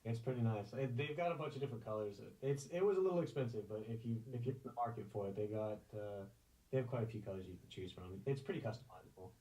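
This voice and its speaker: A man's voice: lowish voice, animated, fast, dark tone, poor audio. A man doing voiceover work, chatting casually and a bit hesitantly on a video call from his home vocal booth. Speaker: voiceover hobbyist.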